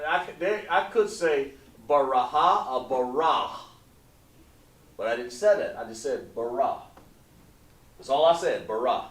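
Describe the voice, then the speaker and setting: A man teaching an online language class, patient and repetitive, drawing out words slowly to model pronunciation. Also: on the high side, recorded from a distance. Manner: patient, repeats points, drawn-out slow pronunciations. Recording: echoey room, voice away from mic.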